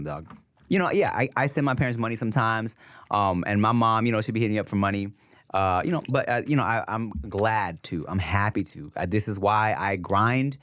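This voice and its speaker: A laid-back man telling stories on a casual podcast, heavy on slang. His pitch rises and falls expressively as he talks. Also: no echo. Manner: laid-back, slangy, calls people dog. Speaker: podcast co-host.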